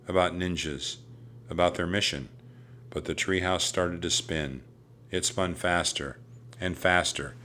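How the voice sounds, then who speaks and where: A man reads a children's storybook aloud with a deep, low voice and an unhurried pace. His tone is bright and crisp, steady and even as he tells the tale. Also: a little hiss or hum. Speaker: narrator.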